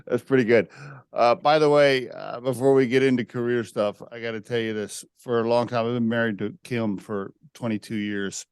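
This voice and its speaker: A man in his forties hosts a relaxed podcast conversation, chatty and laughing easily as he asks questions. His voice is smooth and resonant, and the recording is very dry, with no room sound. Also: medium pitch, normal speed, dry recording. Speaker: podcast host. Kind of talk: casual interview chat.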